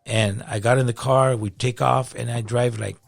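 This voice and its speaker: Creaky-voiced man telling a story. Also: medium pitch, moderate pace, soft background music. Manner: animated, slangy storyteller. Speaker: pastor and podcast guest. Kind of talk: casual storytelling interview.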